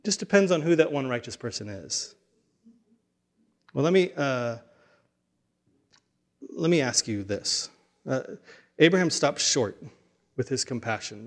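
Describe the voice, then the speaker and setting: A man's voice: medium pitch, lively intonation, a little slow, long pauses. A man preaching a sermon in a casual, conversational way, often repeating words and acting out the dialogue he retells. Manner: conversational, repeats words and restarts, acts out dialogue in quoted voices. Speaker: pastor.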